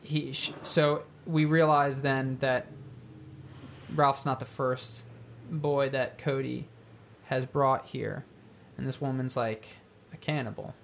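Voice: mid-range voice, takes it slowly, creaky, slight background noise. Co-host type, loose and rambling, mid-range voice, acts out quotes while brainstorming. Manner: rambling, animated storytelling with acted-out quotes. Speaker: co-host pitching a story. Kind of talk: casual brainstorming chat.

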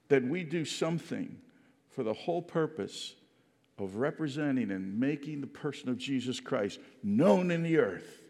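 Man preaching a sermon, kinda higher voice, earnest, lots of restarts, long echo like a big hall. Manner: earnest, reflective, with many restarts and repeated words.

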